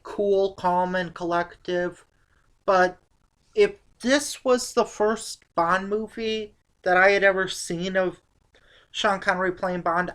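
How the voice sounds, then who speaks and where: A woman's voice: medium pitch, a bit bright. A woman reviewing an old movie in casual chat, sarcastic and exasperated.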